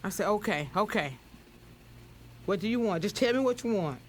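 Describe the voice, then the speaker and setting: An older woman recounting her experience in documentary testimony, halting and repeating words as she goes. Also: mid-range voice, expressive, slight background noise. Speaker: crime survivor interviewee.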